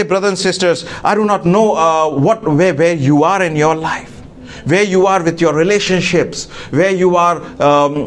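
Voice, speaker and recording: A man preaching a sermon to a congregation, halting with many fillers and restarts. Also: fairly high pitch. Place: church.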